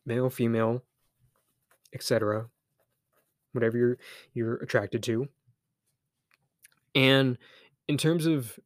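A young man talks through his own podcast in a candid, loose way, restarting his thoughts as he goes. He sounds a little embarrassed but keeps encouraging his listeners. His voice sits at an ordinary male pitch and is recorded close and dry. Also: no room sound. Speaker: podcast host. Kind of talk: casual solo podcast monologue.

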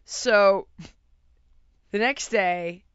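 A woman telling an anecdote in casual chat, animated and acting out quotes, often checking in with "right?". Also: medium pitch, drawn-out words, clean tone, dry recording, muffled recording. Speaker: storyteller guest.

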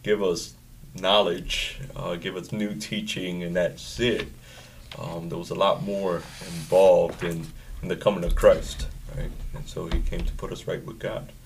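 A man with a very deep voice co-hosts a casual podcast. He is easygoing and teases dryly. A faint hiss sits under the recording. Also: little pitch movement, unhurried. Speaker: podcast co-host.

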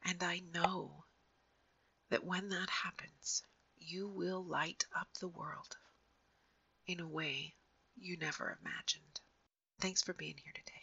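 A woman hosting a podcast, giving an earnest, gentle reflective monologue that often drops to a soft near-whisper. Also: lowish voice, steady tone, slow, vocal fry, long pauses, husky, lo-fi sound. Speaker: podcast host.

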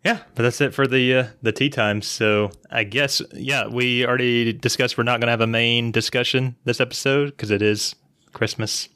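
A man's voice: medium pitch, fairly even intonation, normal speed, bright, forceful tone, smooth, dry recording, studio quality. A man co-hosting a video game podcast, laid-back and joking in casual chat. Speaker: podcast co-host.

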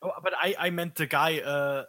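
A man co-hosting a podcast, excitedly retelling movie scenes in casual chat. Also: a little high, normal speed, no echo. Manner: excitable, full of fillers and restarts. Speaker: podcast co-host.

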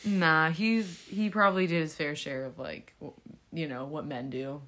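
A woman's voice: low-pitched, fairly even intonation, moderate pace, fairly bright tone. A young woman co-hosting a podcast, chatting casually, blunt and jokey with lots of swearing. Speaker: podcast co-host. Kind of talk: casual chat.

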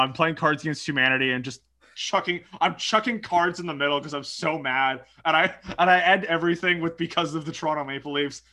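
Excitable young man, bright voice. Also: a little high. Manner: animated, swears, laughs while telling a story. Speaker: podcast co-host. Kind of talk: casual chat.

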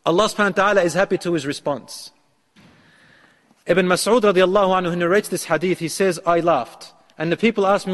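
A man's voice: a little high, quick pace, a bit bright, big-room sound. A man preaching a sermon, who retells a story and acts out the lines of the man in it.

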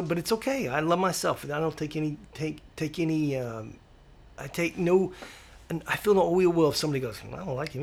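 A man's voice: fairly high pitch, gravelly. A man, a podcast guest, chatting casually and acting out little quoted exchanges as he tells stories. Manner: animated storyteller, lots of restarts and acted-out quotes. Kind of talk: casual interview chat.

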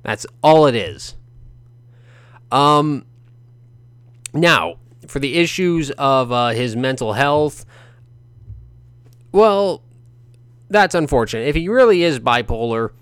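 Guy ranting about boxing on his podcast, smooth clear voice, dry close sound. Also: medium pitch, slow, pauses often, no echo. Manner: animated, ranting, sarcastic. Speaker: podcast host. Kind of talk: opinionated boxing commentary.

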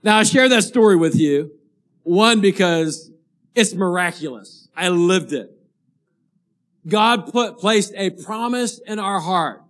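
A man, a pastor, preaching a sermon and telling a story in a lively, animated way. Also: high-pitched, slow. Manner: animated storyteller, rising to excited shouting at the climax.

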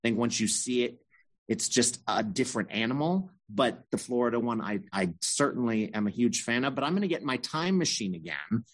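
A man's voice: mid-range voice, expressive, a little fast. A man chatting on a podcast, enthusiastic and nostalgic. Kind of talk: casual chat.

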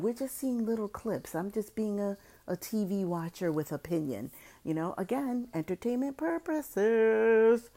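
A woman's voice: on the low side, gravelly, warm tone. A woman hosting a podcast, giving chatty, opinionated reality-TV commentary with playful asides. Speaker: podcast host.

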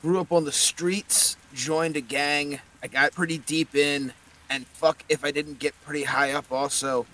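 A man voicing the cursed skull of a male werewolf gang member, talking in a rough, pained, gruff and slangy way. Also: fairly high pitch, fairly even intonation, measured pace, pushed and bright.

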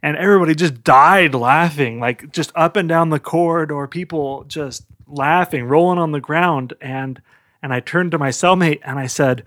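A man on a podcast telling a joke in a relaxed, laid-back storytelling way. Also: on the high side, normal speed, dry recording, clean studio sound.

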